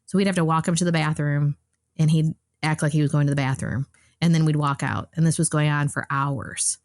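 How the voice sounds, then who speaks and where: A woman's voice: low-pitched, fairly even intonation, a little fast, a little mellow, no room sound, clean studio sound. A woman guest on a podcast, telling a personal story in a casual, rambling way with many fillers and restarts.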